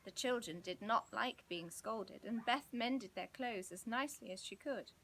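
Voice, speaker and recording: A woman reading a children's storybook aloud in an expressive, gently dramatic way. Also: fairly high pitch, unhurried, gravelly, slight background noise, poor audio. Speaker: storybook reader.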